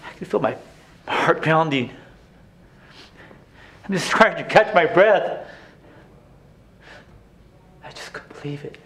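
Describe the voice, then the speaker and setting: A man performs a haunted former inmate reliving his past in a stage monologue. The voice sits high, drops to hushed confessions and then breaks into raw shouting. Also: animated, slow pace, pauses often, exaggerated voice. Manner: emotional, swings from hushed to shouting. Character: grown man, former abused son, intense and haunted. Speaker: stage actor playing an inmate.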